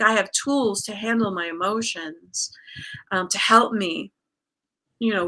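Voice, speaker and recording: A woman speaks as a guest in a relaxed, conversational exchange, with a bright, forward tone. She tells a personal story openly, leaning on fillers like "um" and "you know" and restarting her sentences as she goes. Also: medium pitch. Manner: candid, storytelling with frequent fillers. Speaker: guest, coach. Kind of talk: casual conversation.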